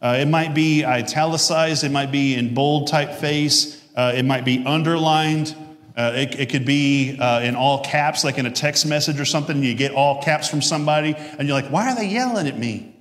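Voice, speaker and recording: A man's voice: medium pitch, fairly even intonation, moderate pace, a bit bright. A male pastor giving a conversational sermon with jokes, asides and self-corrections. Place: church sanctuary. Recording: echoey church hall.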